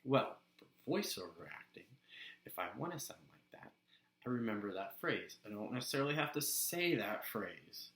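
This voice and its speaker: A man casually sharing voice acting tips in a relaxed, chatty way. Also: medium pitch, normal speed, roomy sound, low-quality recording. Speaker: voice actor giving tips. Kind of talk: casual instructional vlog.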